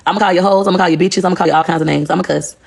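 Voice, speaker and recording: Fast, gravelly woman ranting bluntly. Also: lowish voice, fairly even intonation. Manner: blunt, profane, heated. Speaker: livestreamer. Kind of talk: casual rant on a livestream. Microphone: phone.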